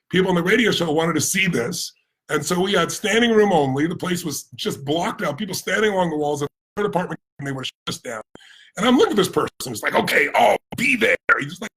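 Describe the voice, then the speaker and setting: Brief: American man, motivational speaker, rapid energetic storytelling, gravelly-husky voice. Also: sits high. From United States. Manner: animated, emphatic, acts out quoted voices.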